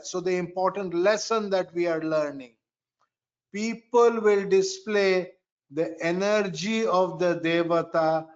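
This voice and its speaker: A man's voice: high voice, dull audio. A man giving a spiritual astrology lecture, speaking emphatically and repeating key phrases. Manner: slow, emphatic, repeats phrases and chants mantras. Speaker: Vedic astrology teacher.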